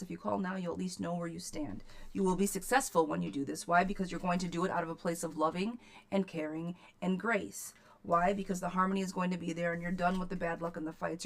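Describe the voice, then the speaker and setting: A woman with a slightly low voice reads tarot live for her viewers. She is blunt and salty-mouthed yet affectionate, calling people lovey and girlfriend, and she hammers her points home by repeating them. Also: steady tone, a little fast, vocal fry. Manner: emphatic, repeats phrases for punch. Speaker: tarot reader. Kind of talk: live-streamed tarot reading.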